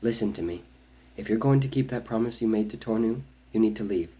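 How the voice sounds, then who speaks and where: A man voicing a worried, caring tribeswoman who speaks low and urgently, in a storybook reading. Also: fairly quick, mellow, dull audio, natural voice.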